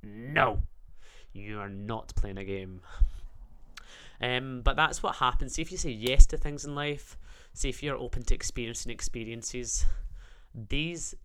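A man's voice: medium pitch, a little slow, bright, forceful tone, clear, resonant tone. A man delivering a profane, rambling, jokey rant to his stream audience. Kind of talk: comedic rant.

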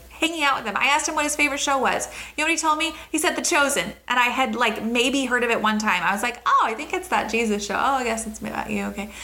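A woman delivering a casual sermon with a bright, ringing tone and a voice on the higher side. She talks in an animated way, slipping into quick voices for little scenes as she preaches. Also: rough recording. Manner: animated, acts out dialogue with quick voice switches. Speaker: host and preacher.

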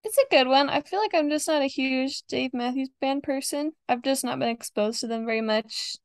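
A woman's voice: high voice, moderate pace, no echo. A young woman chatting casually about songs as a podcast co-host, giggly and full of "like". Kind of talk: casual chat reviewing songs.

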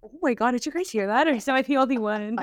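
A woman's voice: a little high, quick pace. A woman whose first language is Spanish, chatting casually and rambling with lots of fillers as a podcast co-host. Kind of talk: casual chat.

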